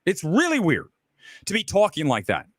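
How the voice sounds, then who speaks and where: A heated middle-aged man rants through a film commentary monologue, firing off repeated rhetorical questions. His voice sits high and swoops widely. The sound is dry and close, with no room around it. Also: huge pitch swings, normal speed, fairly bright tone, dry recording. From Ohio. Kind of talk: ranting monologue.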